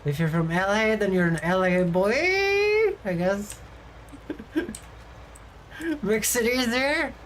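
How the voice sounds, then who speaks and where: Slow, chatty woman streamer who laughs a lot. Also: mid-range voice, animated, a little hiss or hum, poor audio. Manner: chatty, laughs often mid-story. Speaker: VTuber streamer. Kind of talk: casual stream chat, storytelling.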